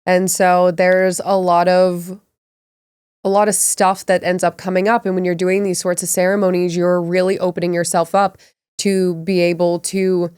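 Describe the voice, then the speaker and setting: A woman's voice: on the low side, level tone, normal speed, a little mellow, clear, resonant tone, no room sound, studio quality. A woman co-hosting a podcast, speaking reflectively and casually with many "like" fillers. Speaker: podcast co-host. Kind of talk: casual conversational storytelling.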